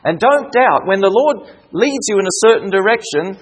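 A male preacher delivers an evening sermon in a high, slightly husky voice. He moves between emphatic, raised calls to the congregation and quiet, hushed pleading. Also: very animated, normal speed, hardly any pauses, rough recording.

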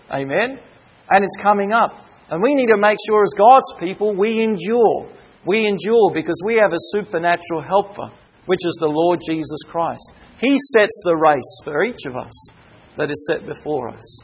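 A male pastor preaches a sermon, asking rhetorical questions and calling out for amens. He slows down to stress and draw out key words, often stumbling over hesitant fillers. His voice is high-pitched and slightly rough, and the recording is low quality.

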